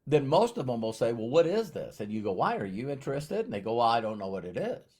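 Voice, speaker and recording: Talking fast in a husky voice of medium pitch, a man recounts a personal story as a motivational speaker. He acts out both sides of the dialogue with animation.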